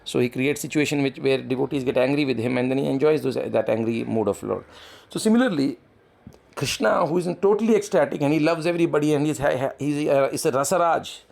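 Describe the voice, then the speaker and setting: A man giving a devotional lecture as a spiritual teacher, talking in a halting way with many restarts and fillers. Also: mid-range voice, vocal fry, darkish tone.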